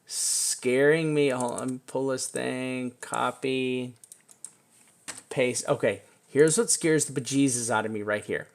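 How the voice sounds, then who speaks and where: Excitable man walking through charts. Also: mid-range voice, measured pace, creaky. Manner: excitable, chatty, talks to the chart, drops casual swears. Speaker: crypto chart analyst. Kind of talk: casual screen-share chart walkthrough.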